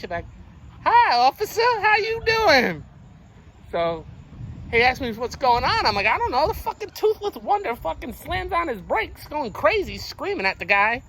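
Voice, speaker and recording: A young man telling a story to his viewers in casual street slang, animated and full of swearing. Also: sits high, slight background noise, low-quality recording. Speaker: vlogger.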